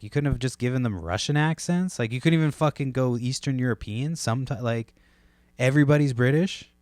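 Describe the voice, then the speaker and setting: A man's voice: fairly low pitch, darkish tone, no echo. A man hosting a podcast alone, rambling casually with lots of fillers, restarts and swearing. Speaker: podcast host.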